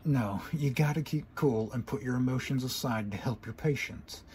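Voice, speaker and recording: A man's voice: medium pitch, normal speed, darkish tone, slight background noise, close to an everyday voice. A man doing a brash tomboy pegasus, coaxing. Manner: coaxing, casual. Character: brash tomboyish female pegasus pony, trying to soothe. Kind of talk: fan story reading.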